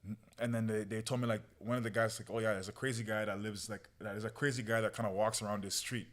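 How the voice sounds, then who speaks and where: A young man tells a personal story as a podcast guest in loose, casual speech. His voice sits low, and his words tumble out fast. He leans on "bro" and "yo" and replays what he said back then. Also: flat delivery. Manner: slangy, peppered with "bro" and "yo"; relives moments through quoted self-talk.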